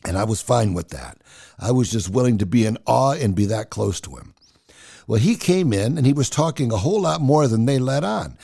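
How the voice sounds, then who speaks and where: An older man in his sixties with a gravelly edge spins personal stories in a casual, chatty way. His voice rises and falls freely as he tells them. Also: medium pitch, normal speed. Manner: animated, chatty storyteller. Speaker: storyteller.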